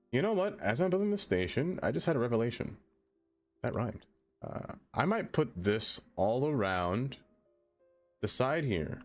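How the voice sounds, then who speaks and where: A man live-streaming a city-building game, chatting casually with his viewers and laughing often. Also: medium pitch.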